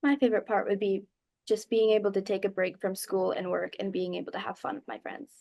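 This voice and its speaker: Teen girl, mid-pitched, animated, dry close sound. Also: fairly quick, gravelly, no echo. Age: teens. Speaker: speech team student.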